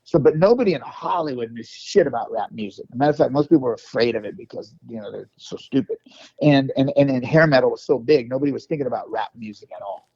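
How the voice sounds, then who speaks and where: A male musician telling stories in an interview, animated and profane, rambling with restarts, on a dull lo-fi recording. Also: medium pitch, quick pace, husky, no echo. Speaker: guest musician and producer. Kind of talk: casual storytelling interview. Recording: dull lo-fi dry sound.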